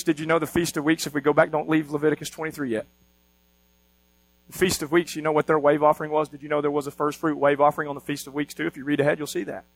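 A man's voice: fairly high pitch, gravelly, rough recording. A man preaching a sermon as pastor, teaching with energy and often asking the congregation questions.

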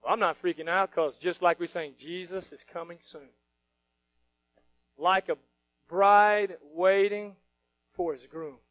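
High-voiced animated preacher. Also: male voice, takes it slowly, pauses often, no room sound, faint music behind, poor audio. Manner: animated, mocking voices of worried people, rising to shouts. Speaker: pastor. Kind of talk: sermon.

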